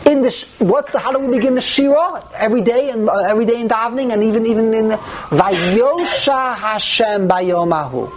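A woman's voice: fairly high pitch, normal speed, hardly any pauses, a little hiss or hum, poor audio. A woman teaching a religious text class, explaining step by step and asking herself rhetorical questions.

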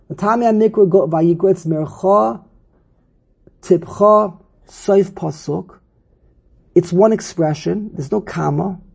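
Guy teaching a text, dark husky voice, keeps repeating himself. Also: high voice. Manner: repeats phrases, restarts while explaining. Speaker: Torah teacher. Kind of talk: text study lecture.

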